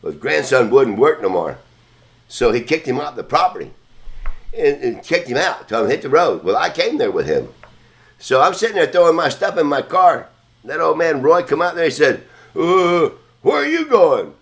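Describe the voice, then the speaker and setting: A man's voice: fairly high pitch, sing-song, moderate pace. A man hosting a podcast, telling a long story in a casual, rambling, profane way. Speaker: podcast host.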